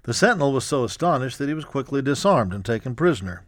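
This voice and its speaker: A man reading a history audiobook in a measured, even storytelling manner. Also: medium pitch, no room sound, clean studio sound. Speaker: narrator. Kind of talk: scripted audiobook narration.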